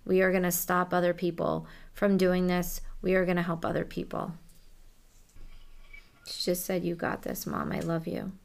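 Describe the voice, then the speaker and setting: A woman working as a psychic medium, softly relaying messages during a reading in a casual, conversational way. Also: lowish voice, little pitch movement, moderate pace, creaky.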